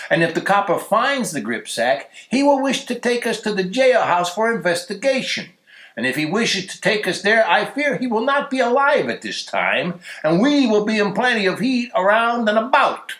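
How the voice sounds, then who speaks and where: A man voicing a weary male gangster who talks in a measured, dry, deliberate way. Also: high-pitched, very animated, sharp tone, echoey room, heavily acted.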